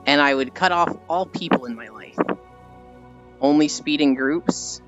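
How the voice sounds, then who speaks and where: A young adult streamer chatting casually with viewers, telling animated stories and swearing freely. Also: mid-range voice, unhurried. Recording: slightly dull stream audio with faint music.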